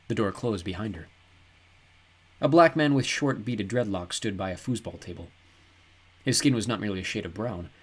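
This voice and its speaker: A man reading a novel aloud as an audiobook narrator, in an even, descriptive storytelling manner. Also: fairly low pitch, husky. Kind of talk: scripted narration.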